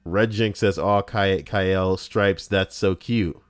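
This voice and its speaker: A man live-streaming, reading out stories and donations in casual, profane banter that jumps between mumbling and loud outbursts. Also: low voice, fairly even intonation, slow, clean tone, dry recording, clean studio sound.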